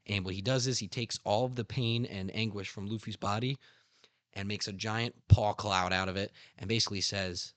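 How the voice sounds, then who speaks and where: A young man hosting a casual podcast who talks excitedly, swears a lot and acts out scenes. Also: lowish voice, normal speed, no room sound. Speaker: podcast host. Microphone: studio podcast mic.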